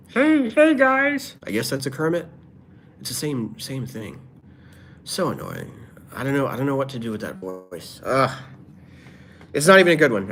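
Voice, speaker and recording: Low-voiced man chatting on a livestream. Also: a bit bright, a little hiss or hum. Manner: reads chat comments aloud, rambling and offhand. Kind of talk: casual livestream chat.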